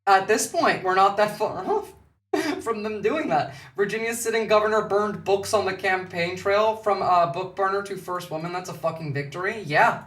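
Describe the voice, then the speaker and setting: A man's voice: high-pitched, normal speed, a bit bright, reverberant, distant mic. A man giving casual, profane, sarcastic commentary during a political live stream.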